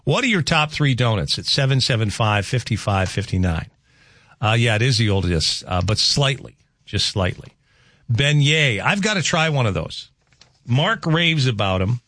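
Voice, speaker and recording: A man's voice: medium pitch, very animated, moderate pace, fairly bright tone, no room sound, clean studio sound. A man hosting a radio show, chatting casually and rambling with asides and restarts. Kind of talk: casual morning radio chat. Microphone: studio microphone.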